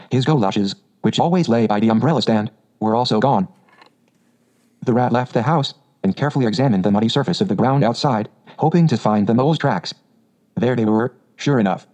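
Male audiobook narrator, measured and even, dark mellow tone, slightly muffled recording. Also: medium pitch.

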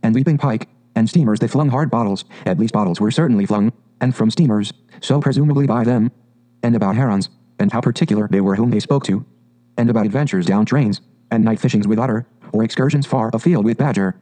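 A man narrating a classic storybook in an even, unhurried audiobook reading. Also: lowish voice, low-quality recording.

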